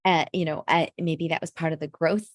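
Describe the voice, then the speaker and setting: A woman co-hosts a podcast in easy, casual conversation. Her voice sits on the low side and sounds dry, with little room around it. She talks in an animated, rambling way. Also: brisk, no room sound. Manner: animated, rambling, with bursts of laughter. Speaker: podcast co-host. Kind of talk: casual chat.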